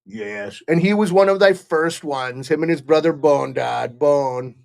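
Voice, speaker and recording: Streaming from home for fans, this middle-aged man from Montana delivers excited live play-by-play and talks with viewers between calls. He sounds on the high side, a little slow, with vocal fry.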